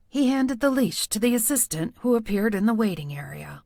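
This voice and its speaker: A woman narrating a novel in the first person, with a wry, lively delivery. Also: fairly high pitch, unhurried, dry recording, studio quality. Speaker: audiobook narrator.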